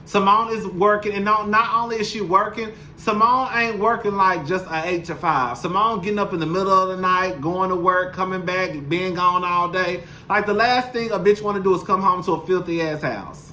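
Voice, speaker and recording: A man's voice: sits high, fairly even intonation, normal speed, few pauses, bright, forceful tone, slight background noise, poor audio. A young man, recapping a reality show in a sassy, blunt, profane, casual monologue straight to his viewers. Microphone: camera mic, speaking to camera.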